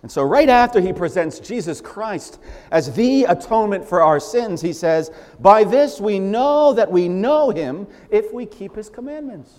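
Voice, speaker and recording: A man preaching a sermon in an emphatic, animated way, repeating phrases for stress. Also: high-pitched, unhurried. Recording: long hall reverb.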